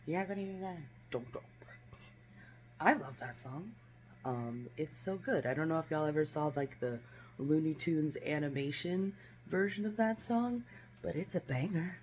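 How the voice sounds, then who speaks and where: Woman yapping away in her kitchen vlog, kinda low voice, chatty and scattered. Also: a little mellow, a little hiss or hum. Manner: rambling, chatty, with frequent fillers and asides. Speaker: vlogger. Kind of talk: casual chatty home vlog. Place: home kitchen.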